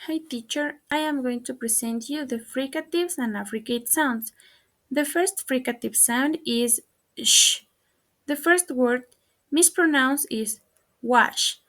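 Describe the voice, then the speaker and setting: A woman with a high voice works through a class pronunciation exercise. She reads each word with slow, deliberate care, sticking to a set pattern. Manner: slow, careful, formulaic recitation. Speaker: student presenter. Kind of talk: pronunciation practice recitation.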